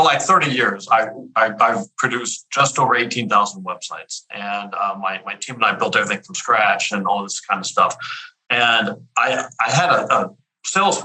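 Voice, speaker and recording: A man in his fifties, a podcast guest telling stories in a casual, energetic way with many restarts. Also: lowish voice, low-quality recording. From Houston area, US. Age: 50s. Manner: energetic, repeats words and restarts often. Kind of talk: casual storytelling interview.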